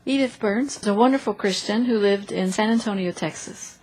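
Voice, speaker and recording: A woman's voice: mid-range voice, a little fast, breathy edge, rough recording. Woman reading a story aloud in church. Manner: expressive, acting out the characters' lines. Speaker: reader of a story in a church service.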